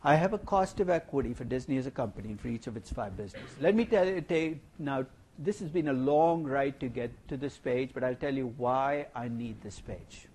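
A middle-aged man giving a university finance lecture, animated and playful, asking the class rhetorical questions. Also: mid-range voice, brisk, few pauses, slight background noise. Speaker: finance professor. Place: lecture hall.

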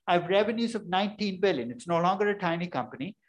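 A man's voice: high-pitched, lively intonation, quick pace. Male lecturer, conversational and emphatic, poses questions then answers them. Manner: emphatic, asks and answers his own questions. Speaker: finance lecturer. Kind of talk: classroom lecture.

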